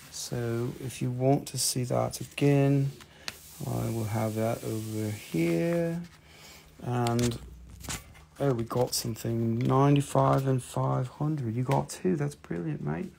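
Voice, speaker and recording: A man's voice: mid-range voice, creaky, a little mellow, slight background noise. A man hosting a live-stream rock and mineral sale, talking casually into a handheld phone, joking, teasing viewers and swearing freely.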